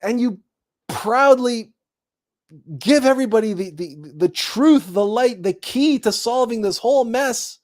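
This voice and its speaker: A man with a high voice delivers a spiritual talk as host. He tells it like a story and pops into raised, excited voices for the people he imagines. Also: a little slow.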